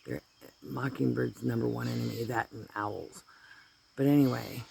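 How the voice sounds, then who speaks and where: A vlogger, congested with allergies, films in his garden on a phone, his mid-range voice creaky and darkish. He speaks at a moderate pace with a steady tone, rambling casually and wandering into asides against slight background noise.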